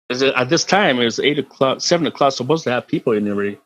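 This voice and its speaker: A middle-aged man, a podcast guest, telling a story in a casual, animated way, laughing and swearing freely and often repeating words. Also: mid-range voice, fast, few pauses, low-quality recording.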